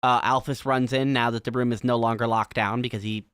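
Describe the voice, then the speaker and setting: A man's voice: mid-range voice, level tone, a little fast, fairly bright tone, clear, resonant tone, no room sound, clean studio sound. A man in casual podcast chat, explaining a video game in a laid-back way.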